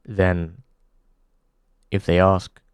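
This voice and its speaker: A man hosting a comedy show, delivering a halting deadpan monologue full of pauses. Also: deep voice, clean tone, no room sound, clean studio sound.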